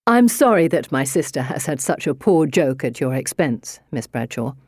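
A woman's voice: low voice, sing-song, moderate pace, darkish tone, no echo, studio quality. A woman narrator voicing a mocking, condescending young brother in an audiobook. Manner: sneering, dismissive.

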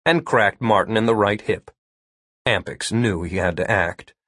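A man narrating an audiobook in a lively, expressive storytelling manner. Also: fairly low pitch, measured pace, slightly rough, no room sound, clean studio sound. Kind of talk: scripted narration.

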